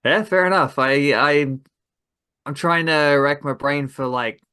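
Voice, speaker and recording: Co-host, man, bright tone, relaxed and easygoing delivery. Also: a little high, unhurried, clean tone. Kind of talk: casual sports podcast chat.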